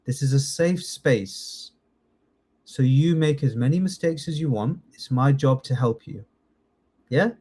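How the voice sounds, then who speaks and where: His voice is medium in pitch, dark, and husky, and he talks at a slightly slow pace. A UK teacher leading a live online citizenship test class, he's encouraging and conversational, quizzing learners and frequently tossing in "yeah?".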